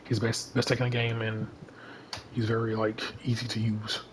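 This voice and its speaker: A man chats loosely to his audience, his voice staying level and even in pitch. He drifts from point to point and leans constantly on fillers like "you know" and "like". A faint hum sits low behind him. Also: normal speed, low-quality recording. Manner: rambling, heavy use of "you know" and "like". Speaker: gaming YouTuber. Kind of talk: casual vlog commentary.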